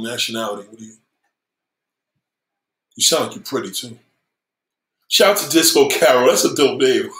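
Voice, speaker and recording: A man's voice: medium pitch, fairly bright tone. Profane, combative man ranting in echoey room. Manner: swearing, combative, mocking, repeats himself. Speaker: livestream host reading viewer comments. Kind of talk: profane livestream rant.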